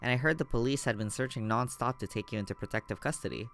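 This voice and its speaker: A man voicing a calm, polite male private investigator with a measured delivery. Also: mid-range voice, faint music behind, natural voice.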